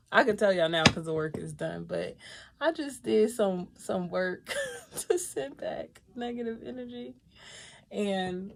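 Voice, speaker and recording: A woman hosts a live tarot reading in a casual, animated way. She laughs often and swears freely, shifting easily between quiet, confiding asides and loud, emphatic declarations. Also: medium pitch, creaky. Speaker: tarot reader.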